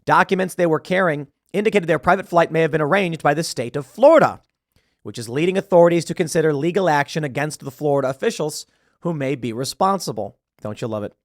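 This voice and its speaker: A man delivers political commentary, reading news items aloud and breaking off into emphatic, scornful asides. His voice sits a little high for a man. The sound is close and dry. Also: animated, quick pace, no room sound. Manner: emphatic, scornful, stumbles over words.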